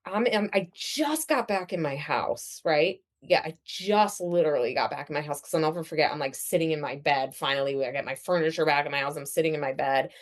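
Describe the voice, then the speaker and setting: A woman's voice: low voice, fairly quick, few pauses. A woman in her thirties, a podcast guest telling her own story in a casual, chatty way with plenty of fillers. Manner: chatty, animated, lots of fillers.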